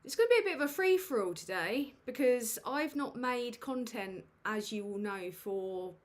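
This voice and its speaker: A woman's voice: on the high side, animated, moderate pace. Flustered woman hosting a livestream. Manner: flustered, self-mocking, swears freely. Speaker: livestream host. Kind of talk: casual livestream chat. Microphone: USB desk microphone.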